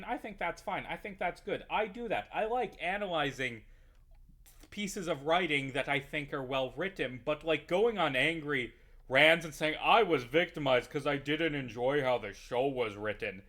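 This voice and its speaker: A man's voice: a little high, bright, forceful tone. A man giving a heated, profane, rambling rant over his gameplay. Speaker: YouTuber playing a game. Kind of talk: ranting gameplay commentary.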